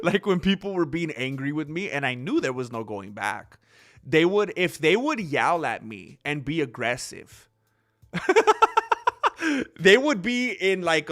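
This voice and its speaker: A man hosting a casual livestream, telling stories animatedly with frequent laughter and reading chat aloud. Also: a little high. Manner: animated storyteller who laughs often and reads chat. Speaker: channel host.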